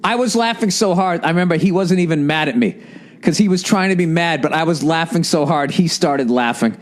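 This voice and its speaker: A man's voice: on the high side, a little fast. A man and podcast host telling a comic story in a profane, rambling way, full of asides. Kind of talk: comedic storytelling.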